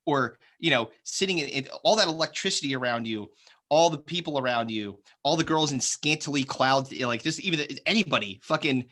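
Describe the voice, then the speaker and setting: A man's voice: mid-range voice, fairly quick, pushed and bright. A man in his thirties hosts a loose podcast chat, rambling and cursing freely. He jokes around, trips over his words and keeps the talk going. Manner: rambling, profane, jokey, puts on silly voices. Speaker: podcast host. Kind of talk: casual chat.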